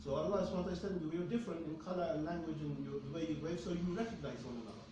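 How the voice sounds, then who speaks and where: A man teaching a hadith lesson to a class in a lively, conversational way, often checking in with "okay?". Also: fairly high pitch, rapid-fire, heavy reverb, distant mic, noisy background. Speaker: Islamic studies teacher.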